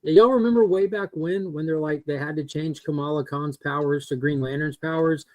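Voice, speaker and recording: A man hosting a casual comic club chat on a video call, opinionated and quick to swear. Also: fairly high pitch, dry recording, low-quality recording.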